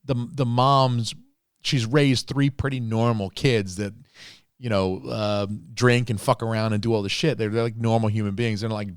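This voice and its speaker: A man's voice: on the low side, little pitch movement, moderate pace, smooth, dry recording, clean studio sound. A man co-hosting a podcast, rambling through a casual movie review and swearing freely. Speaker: podcast co-host.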